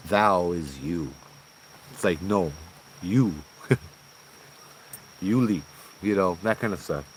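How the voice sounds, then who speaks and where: A man with a fairly low voice tells an animated, casual ghost story on a forest trail at night. He drops slang and laughs now and then as he talks. Crickets and insects chirp faintly behind him. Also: takes it slowly, a little hiss or hum, rough recording. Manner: animated, laughs while telling, uses slang like bro. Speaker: ghost tour guide telling a story.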